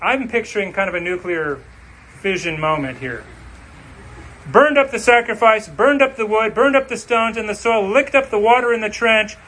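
A male pastor delivering a sermon, reading scripture and preaching with slow, emphatic, dramatic phrases. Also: high voice, lively intonation, fairly bright tone, rough recording.

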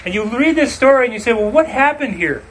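A male pastor delivering a sermon, reading scripture and preaching with slow, emphatic, dramatic phrases. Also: extremely high pitch, lively intonation, slight background noise, low-quality recording.

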